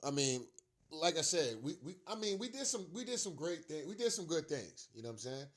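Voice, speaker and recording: A man's voice: fairly high pitch, sing-song, a little fast, fairly bright tone. A young man, a fan commentator, delivering a heated, profane rant about his team's loss, repeating himself for emphasis.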